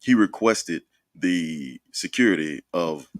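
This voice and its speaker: A man with a low, grounded voice co-hosts a casual talk radio show. He tells stories in an animated way and laughs often. The sound is dry and close, with no room around it. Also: takes it slowly, no echo. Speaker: co-host. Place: radio studio.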